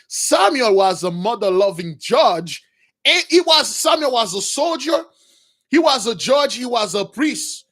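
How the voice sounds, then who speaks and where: A man preaching in an informal, animated way, retelling scripture with slang and bursts of shouting. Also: high voice. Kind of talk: informal religious storytelling.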